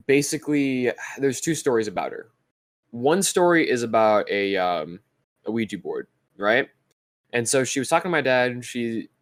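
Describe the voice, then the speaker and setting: A young man with a lowish voice co-hosts a casual podcast, telling a rambling story packed with fillers and restarts. There's no room sound.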